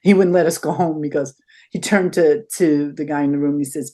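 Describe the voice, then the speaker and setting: A woman's voice: sits low, moderate pace, pauses often. An older woman, an interview guest, telling stories in a conversational way and acting out what people said. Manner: animated storyteller acting out quotes.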